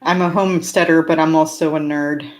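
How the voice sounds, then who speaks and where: A woman's voice: low voice, fairly even intonation, fairly quick, darkish tone. Chatty woman with a slight country twang. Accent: slight rural American twang. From California. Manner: chatty and upbeat, laughs often between remarks. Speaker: homesteading channel host. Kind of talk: casual live-stream Q&A, answering chat.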